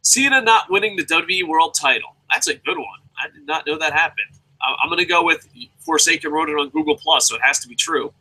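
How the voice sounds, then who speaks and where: A man giving a casual, profane, animated rant as a wrestling commentator. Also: a little high, a little fast, husky, low-quality recording.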